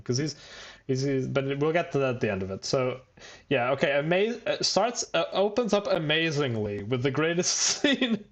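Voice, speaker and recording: High-voiced man in laughing podcast chat. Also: moderate pace. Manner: animated, laughing, acts out characters in quoted voices. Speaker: podcast co-host. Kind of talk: casual chat.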